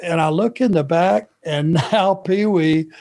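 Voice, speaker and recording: A man spins a story on a podcast at a leisurely, stretched-out pace. His voice sits a touch higher than most men's. He lets each detail hang before moving on. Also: creaky, darkish tone. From Georgia, USA. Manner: unhurried, drawn-out anecdotal telling. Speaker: podcast co-host. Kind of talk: casual storytelling chat.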